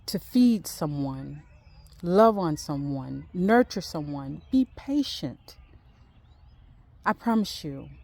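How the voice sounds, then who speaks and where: Woman vlogger, unhurried and chatty, giving a backyard garden tour outdoors. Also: fairly low pitch. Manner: warm, faith-filled, chatty and repetitive.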